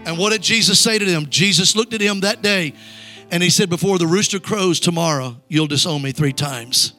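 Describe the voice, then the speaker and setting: Evangelist, male, high bright voice, rousing sermon delivery that calls on the crowd to read along. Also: moderate pace, faint music behind. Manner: urges the crowd to read aloud.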